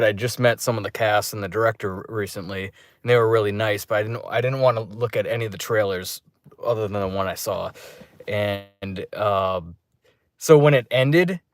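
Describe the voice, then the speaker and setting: A man telling a rambling, profane story in a casual vlog review, with loud re-enacted outbursts. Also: fairly low pitch, dry recording, clean studio sound. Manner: loose, restarting delivery. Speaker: movie reviewer. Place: dark room.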